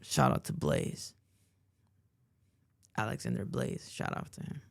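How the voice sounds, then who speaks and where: A man's voice: lowish voice, very animated, unhurried, vocal fry, no echo, studio quality. A young man hosting a podcast, telling a personal story in a rambling way and leaning on "like" and repeated phrases. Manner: rambling, repeats himself, lots of "like". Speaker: podcast host.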